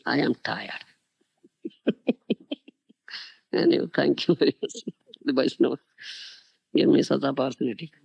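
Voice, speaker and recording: A man giving a sermon as a spiritual teacher, telling a story to devotees in animated, non-native English and often asking whether they understand. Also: medium pitch, a little slow, vocal fry, long pauses, slightly rough, no echo, dull audio. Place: temple on a farm.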